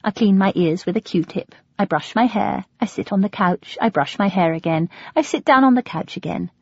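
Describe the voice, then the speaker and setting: A woman with an English accent reading a first-person audiobook in a wry, expressive way. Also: mid-range voice, slightly rough, dry recording. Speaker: audiobook narrator. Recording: dull lo-fi audio.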